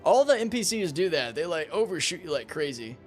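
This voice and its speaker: A young man streaming a space game, chatting casually with his viewers, excitable and swearing freely. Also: fairly high pitch, brisk, faint music behind. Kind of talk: casual livestream commentary.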